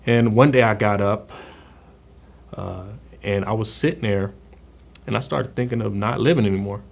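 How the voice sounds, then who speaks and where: A middle-aged man giving a personal testimony, speaking haltingly with many fillers and restarts, often quietly. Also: lowish voice, vocal fry. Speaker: former gang member telling his story.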